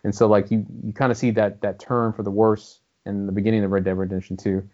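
A man's voice: lowish voice, level tone, fast talker, darkish tone. A man rambling casually about video games, swearing freely and acting out characters' lines. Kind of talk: casual gaming chat. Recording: dull lo-fi audio.

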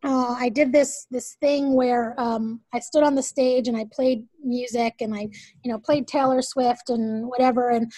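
A woman in her forties telling a personal story as a guest, emphatic and animated, swearing freely. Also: on the high side, normal speed, dry recording. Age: 40s. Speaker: guest, event leader.

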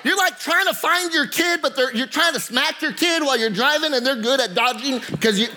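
A man's voice: extremely high pitch, a little fast, sharp tone. A man preaching a sermon as a pastor, joking with the congregation and repeating phrases for emphasis.

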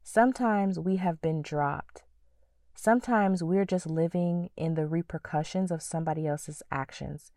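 A woman hosting a faith-based podcast, teaching in an earnest, preacherly way and dropping into soft whispers for her prayers. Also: low voice, unhurried, no room sound, clean studio sound, recorded from a distance. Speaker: podcast host.

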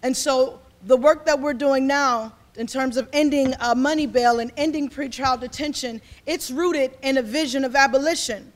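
A woman's voice: high voice, normal speed, few pauses. A woman in her forties, a community organizer, speaking to an audience in a fervent, rambling way and repeating herself as she builds. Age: 40s. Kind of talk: impassioned speech to an audience.

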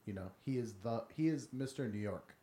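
Relaxed chatty man in an echoey room. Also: mid-range voice, a little fast. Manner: relaxed, chatty, laughs easily. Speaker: podcast co-host. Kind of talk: casual chat. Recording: echoey room with faint hiss.

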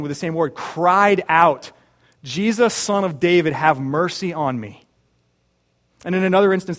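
Male pastor, earnest sermon delivery, slightly high-pitched voice, rhetorical asides. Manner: earnest, with rhetorical questions and restarts.

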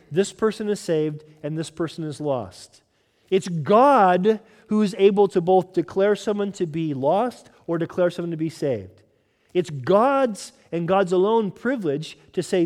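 Male pastor, emphatic sermon delivery, slightly high voice, long church-hall reverb. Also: a little mellow. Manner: emphatic, repeats words when restarting.

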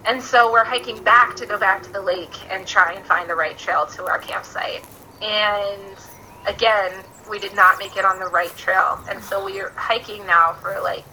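A woman, a podcast guest, telling a story in casual, animated chat full of "like" fillers. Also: medium pitch, slight background noise, rough recording. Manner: animated, chatty, frequent "like" fillers.

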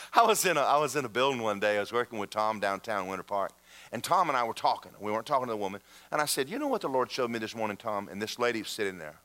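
A quick-paced pastor with a fairly low voice gives a sermon in church. He spins animated stories and plays the parts of the people in them.

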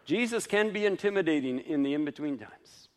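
A male pastor preaching a sermon in an informal, conversational way, with lively ups for emphasis, soft asides and frequent chuckles. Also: on the high side, brisk.

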